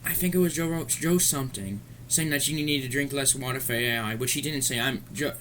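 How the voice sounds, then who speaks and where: A man in the middle of an angry, rambling rant, swearing freely as he goes. His pitch sits at an ordinary middle height, with a faint murmur of room ambience behind him. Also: a little fast, fairly bright tone, slight background noise. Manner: profane, heated, rambling. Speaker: commentary vlogger. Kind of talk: ranting commentary.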